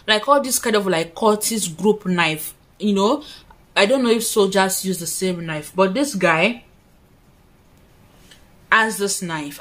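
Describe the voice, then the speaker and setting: Woman, twenties, vlogger recounting a story in her room while doing makeup, dramatic and chatty. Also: medium pitch. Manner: chatty, dramatic storytelling with frequent asides to viewers. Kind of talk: casual storytime. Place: her own room, indoors.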